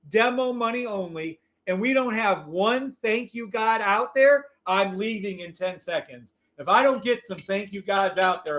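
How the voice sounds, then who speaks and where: High-pitched excitable man calling trades. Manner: excitable, profane, shouting trade calls. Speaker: livestream trading host. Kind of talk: live trading stream commentary.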